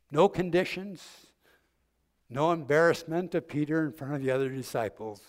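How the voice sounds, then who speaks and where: Older man preaching in a reverberant hall. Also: mid-range voice. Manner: gentle, vivid retelling with voiced quotes. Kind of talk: storytelling sermon.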